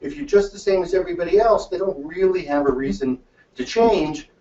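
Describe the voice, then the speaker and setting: A man giving a webinar talk as presenter, telling stories in a lively way and acting out the dialogue. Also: high voice, a little fast. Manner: lively storytelling, acts out dialogue. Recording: echoey, distant, dull room sound.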